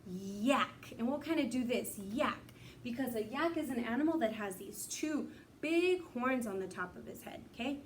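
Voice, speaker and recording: A young woman teacher giving a slow, sing-song phonics lesson to young children, drawing out the letter sounds. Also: on the high side, lively intonation, distant mic, slight background noise. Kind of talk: recorded kindergarten phonics lesson.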